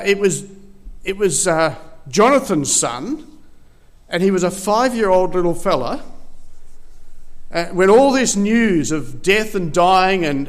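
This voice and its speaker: Man preaching in a chatty storytelling way. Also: high-pitched. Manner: conversational storytelling with frequent restarts. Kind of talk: sermon.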